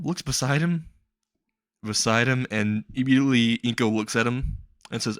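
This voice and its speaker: A man's voice: mid-range voice, normal speed, fairly bright tone, no room sound, studio quality. A young man improvising a comedic fan story, rambling and laughing at his own jokes.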